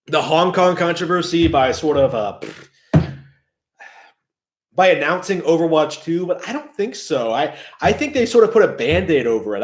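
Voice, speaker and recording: A man hosts a casual gaming commentary stream, rambling and hedging with fillers and the odd swear. His voice sits somewhat high and moves a lot in pitch. The sound is roomy and echoey. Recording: echoey room.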